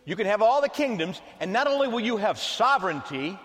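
A man voicing a smooth, scheming male devil who coaxes with offers, heard with long church reverb. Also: sits high, very animated, a little fast, fairly bright tone, voice pushed up. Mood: coaxing. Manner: coaxing, persuasive.

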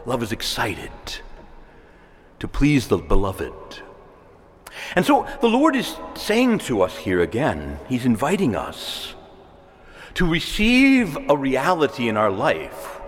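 Animated male preacher in an echoing church. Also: mid-range voice, slow pace. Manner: emphatic, repeats key words and asks the congregation for agreement. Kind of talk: sermon.

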